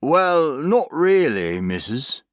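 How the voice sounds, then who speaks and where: A man voicing a gruff old rural English laborer with an English country accent, blunt and given to cursing. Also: on the high side, very animated, takes it slowly, no echo, clean studio sound, pitched above the performer's own voice.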